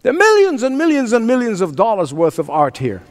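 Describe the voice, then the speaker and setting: A preacher playing obnoxious, jeering collectors. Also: male voice, very high voice, very animated, very slow, smooth, long reverb tail, voice pushed up, exaggerated voice. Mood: indignant. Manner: jeering, loud. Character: obnoxious, scornful male art collectors.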